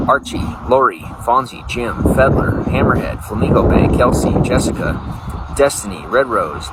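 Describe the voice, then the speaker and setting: A man live-streaming, chatting casually and rambling, greeting viewers by name. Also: medium pitch. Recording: noisy background.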